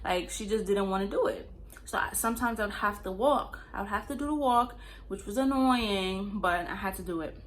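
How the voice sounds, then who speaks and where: A woman's voice: mid-range voice, normal speed, slight background noise. A young woman from Queens, telling a rambling, profane storytime in casual slang. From Queens, New York. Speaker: storyteller vlogger.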